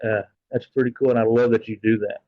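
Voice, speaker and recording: A man's voice: medium pitch, steady tone, fast talker, no echo. Man, livestream host, heartfelt and rambling, dead dry room, slightly muffled audio. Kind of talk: casual livestream chat.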